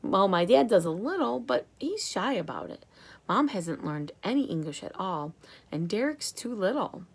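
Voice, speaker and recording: A woman voicing a shy young schoolgirl who speaks softly. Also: medium pitch, sing-song, moderate pace, slightly rough. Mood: gentle. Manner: soft, hushed.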